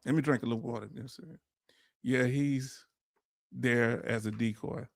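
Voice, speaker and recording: A man's voice: mid-range voice, fairly even intonation, a little slow, creaky, dry recording, clean studio sound. A middle-aged man, hosting a casual livestream and ranting bluntly while answering chat. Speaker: veteran livestream host.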